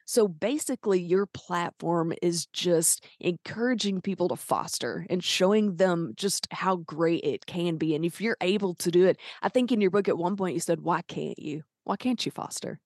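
A woman's voice: lowish voice, moderate pace, hardly any pauses, darkish tone, no echo, studio quality. A woman with a Southern US accent hosting a podcast interview in a bubbly, effusive way. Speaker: podcast host.

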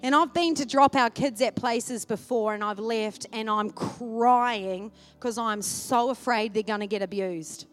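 Woman preacher, high-pitched, emotional storyteller, swings loud to hushed; faint music behind. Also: a little slow, few pauses. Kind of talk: sermon. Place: church service.

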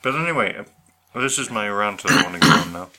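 A man's voice: on the low side, expressive, quick pace, crowd noise. A man co-hosting a casual podcast chat, bantering in a dry, teasing way. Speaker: podcast co-host.

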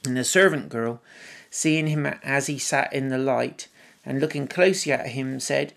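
A man preaching a sermon, reading scripture aloud and musing on it in a gentle, reflective way with soft asides. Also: mid-range voice, normal speed, vocal fry. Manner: reads scripture aloud, then muses on it.

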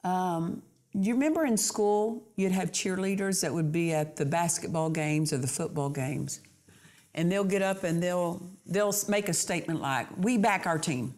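A woman delivers a sermon in a fairly low voice. She is earnest and emphatic, driving points home by repeating phrases. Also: moderate pace, a little mellow. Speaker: preacher.

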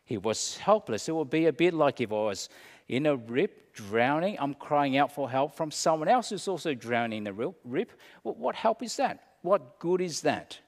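A man preaching as a pastor, slow and dramatic, dropping to a hush and then rising. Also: on the high side, very animated, long reverb tail. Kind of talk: sermon.

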